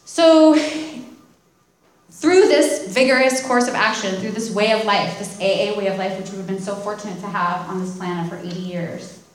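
A woman's voice: mid-range voice, normal speed, recorded from a distance, a little hiss or hum. A woman candidly telling her recovery story at a meeting, with self-deprecating humor. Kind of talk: personal testimony talk. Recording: very echoey room.

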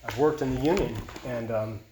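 A man's voice: mid-range voice, moderate pace, darkish tone, slight background noise. A man giving an earnest, confessional personal testimony at a recovery meeting, often repeating and restarting his phrases. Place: meeting room. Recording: echoey meeting room.

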